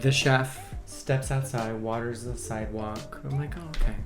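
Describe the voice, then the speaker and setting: Very low-voiced woman telling lively stories. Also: measured pace, over music. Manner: animated storyteller, laughs often. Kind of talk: casual chat.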